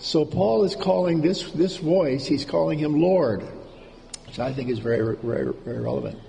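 Male preacher, fairly high, gravelly voice, informal sermon delivery with repeated words, echoing hall, faint noise. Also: normal speed, warm tone. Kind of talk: conversational sermon.

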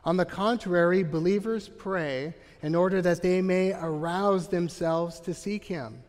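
A man's voice: high voice, a little slow, a little mellow, long reverb tail. A man preaching a sermon as a pastor, earnest and emphatic, often checking in with the congregation. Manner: earnest, emphatic preaching with frequent "Right?" asides.

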